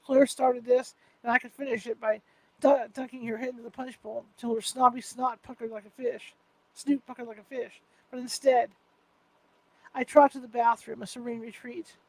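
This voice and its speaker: A woman's voice: fairly high pitch, little pitch movement, normal speed, no room sound, rough recording. A woman reading a first-person novel aloud, unpolished, with restarts and self-corrections. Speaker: author reading her novel.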